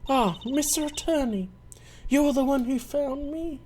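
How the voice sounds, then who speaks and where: A man voicing a polite, grateful woman from a game, speaking gently and formally. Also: very high voice, measured pace, a little hiss or hum, pitched above the performer's own voice.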